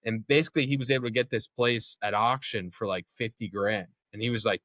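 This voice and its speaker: A man's voice: on the low side, steady tone, a little fast, few pauses, a bit bright, dry recording. A young man as an interview guest, telling his story in a candid, casual way, swearing freely and acting out what others said.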